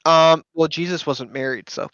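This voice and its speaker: A man presses his Christian arguments in a heated online voice debate, insistent and quick to repeat himself over others. His voice is bright and tense. The mic sounds dull and lo-fi, dry with no room around it. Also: fairly high pitch, fairly even intonation, smooth, no room sound.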